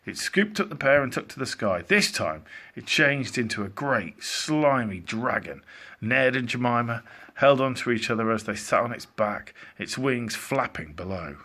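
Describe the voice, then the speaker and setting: A man reading a children's storybook aloud as a teacher, in an animated, expressive way. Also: medium pitch, normal speed.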